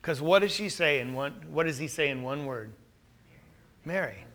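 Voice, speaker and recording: A man leads a Bible study, his voice pitched high with a bright, forward edge. He talks the class through it in a conversational way and keeps checking in with rhetorical questions. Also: brisk.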